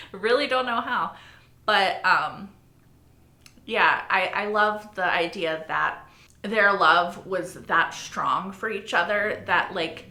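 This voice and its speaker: A woman's voice: medium pitch, slow pace, sharp tone, echoey room. A woman hosting a reaction video, gushing and emotional, swearing casually as she talks. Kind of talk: excited casual reaction chat.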